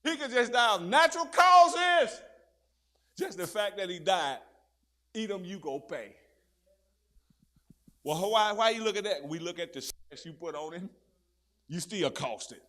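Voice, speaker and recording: In a fiery sermon, the preacher's voice ranges from low murmurs to shouted climaxes, and he repeatedly throws questions out to the crowd he's addressing.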